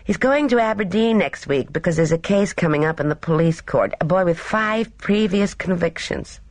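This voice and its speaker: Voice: medium pitch, animated, normal speed, no echo, voice pushed up, close to an everyday voice. A reader voicing a cheerful, careless young woman who chatters in airy, slangy upper-class talk. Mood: breezy.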